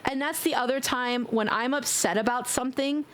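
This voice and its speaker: A woman with a New York accent chatting warmly with viewers on a live stream, giggly and affectionate, calling people sweetie. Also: high voice, moderate pace. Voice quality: warm, affectionate toward chat. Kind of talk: casual live-stream chat.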